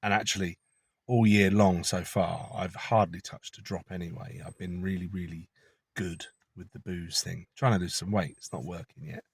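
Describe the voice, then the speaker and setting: Man, low voice, dry close sound, chatty conspiratorial car vlog rant. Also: steady tone, moderate pace, creaky, husky, no room sound. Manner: chatty, conspiratorial, swears casually. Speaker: vlogger. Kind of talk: rambling opinion monologue.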